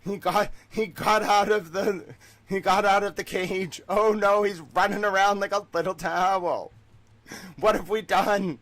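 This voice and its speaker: A man doing shrill panicking lab scientists. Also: steady tone, measured pace, a bit bright, dry recording. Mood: panicked. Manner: frantic, high-pitched alarm. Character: panicking scientists losing an escaped subject.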